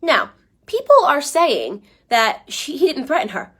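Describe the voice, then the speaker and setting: A woman with a fairly high voice delivers opinion commentary to viewers watching a livestream. She argues with insistence and drives her points home with repeated "okay?" tags. She keeps turning to her audience with pointed rhetorical questions. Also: huge pitch swings, measured pace, a bit bright. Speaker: political commentator.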